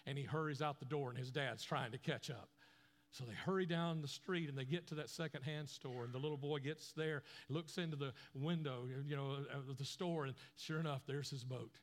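Man, pastor, sermon storytelling, acts out voices, slightly high voice. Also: brisk. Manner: animated storyteller acting out voices.

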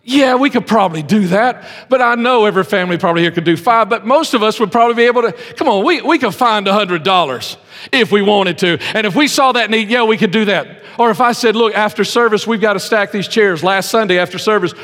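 A man preaching a sermon to his congregation, emphatic, swinging between loud pleas and hushed earnest lines. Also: sits high, fast talker. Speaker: pastor. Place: church service in a civic center. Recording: long hall reverb.

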